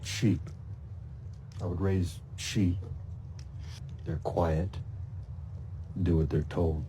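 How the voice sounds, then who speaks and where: Man, low mellow voice, slow and plainspoken, faint noise behind him. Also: fairly even intonation.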